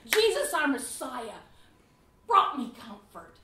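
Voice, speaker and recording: A woman's voice: very high-pitched, lively intonation, measured pace, bright, forceful tone, reverberant, distant mic. A woman teaching a Bible class at church, speaking with passion and piling up clauses as she shares her own testimony. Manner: impassioned, piles up clauses with "and"; tells personal testimony with feeling. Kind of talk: Bible class lesson with audience questions.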